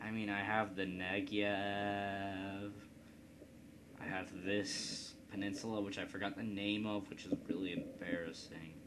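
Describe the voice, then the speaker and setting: In a low-pitched, level voice, a little slow, the Indiana let's play host comments casually on his game at home, with background noise audible. He rambles, cracks jokes, and pokes fun at himself.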